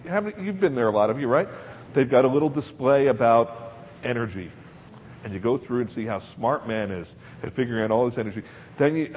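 A man's voice: mid-range voice, a little mellow, a little hiss or hum. A man preaching a sermon to a congregation in a chatty, emphatic way, repeating words for stress. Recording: dull lo-fi recording in a large hall.

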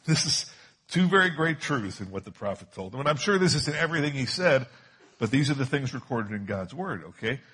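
A man preaching a sermon with a husky, slightly breathy voice. He is emphatic and drives his points home by repeating key phrases. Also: medium pitch, expressive, brisk, bright, forceful tone. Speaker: pastor.

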